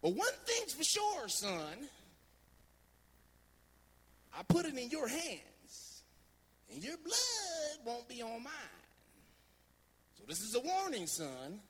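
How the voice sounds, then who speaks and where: A man playing his older Southern grandfather with a high-pitched twang, giving a folksy warning. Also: slow, breathy edge, heavily acted. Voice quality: high-pitched, voice rising when excited. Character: older Southern grandfather, fisherman, stern and fond.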